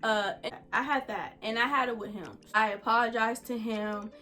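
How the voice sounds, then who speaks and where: Woman vlogger, chatty storyteller with slang and lively asides, voice sits a bit high. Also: moderate pace. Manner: animated retelling with slang and many asides. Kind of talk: casual storytime.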